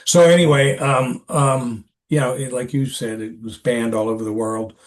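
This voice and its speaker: An older man with a medium-pitched voice recounts an old experience in a relaxed interview. He talks in a halting, rambling way, circling back with fillers and restarts as he goes. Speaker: actor, podcast guest. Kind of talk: casual interview storytelling.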